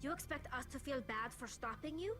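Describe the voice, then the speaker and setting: A woman's voice: high voice, expressive, a little fast, music in the background. A woman voicing a scornful, accusing female security officer in a video game.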